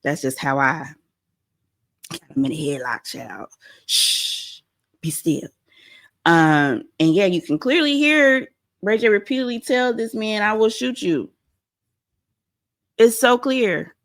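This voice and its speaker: A young adult woman hosting a pop-culture commentary show, animated and blunt, acting out quotes as she goes. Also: medium pitch, unhurried, long pauses. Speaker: host.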